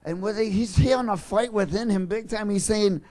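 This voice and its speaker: A man preaching a sermon in church, joking with the congregation and then building to fervent, shouted passion. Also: sits high, brisk. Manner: jokey, rising to fervent shouting. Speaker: pastor.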